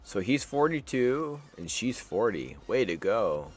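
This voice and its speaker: A man's voice: on the low side, sing-song, a little slow, faint music behind. A man hosting a live stream, reacting to news in a rambling, wisecracking way and swearing freely. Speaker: streamer host.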